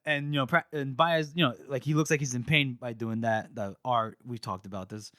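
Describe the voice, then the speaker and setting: A young man co-hosting a podcast, retelling a book chapter in casual chat, animated and laughing as he acts out lines. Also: medium pitch, brisk, dry recording, clean studio sound.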